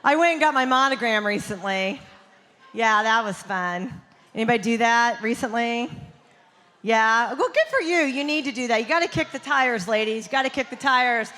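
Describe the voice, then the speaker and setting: A woman's voice: a little high, lively intonation, moderate pace, bright, forceful tone. A woman doing a stand-up comedy set, chatty and punchy with the crowd. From Southern United States. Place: theater stage. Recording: long reverb of a performance hall.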